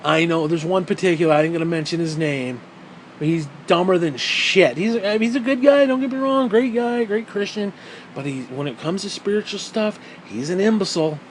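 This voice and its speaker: A man's voice: high voice, fairly quick, a little hiss or hum, rough recording. A man ranting in a profane, heated monologue, sarcastic and mocking, swearing constantly. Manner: mocks others in put-on quoted voices. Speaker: vlogger.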